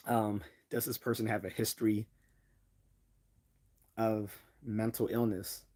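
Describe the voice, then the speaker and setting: Hesitant American man, low voice. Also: level tone, slow pace, darkish tone. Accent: General American. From Northeastern United States. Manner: hesitant, many restarts and fillers. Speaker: livestream host. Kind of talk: casual livestream chat.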